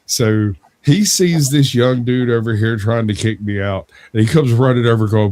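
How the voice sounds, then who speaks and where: A man's voice: medium pitch, normal speed. A young man casually telling a long family story, laughing often and acting out the people he quotes. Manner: animated, laughs often, acts out quoted voices. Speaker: debate show guest.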